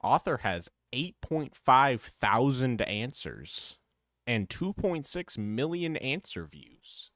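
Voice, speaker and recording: Slow, hesitant male livestream host. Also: medium pitch, sing-song, a bit bright, dry recording, clean studio sound. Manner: rambling, hesitant, full of fillers. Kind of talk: casual livestream commentary.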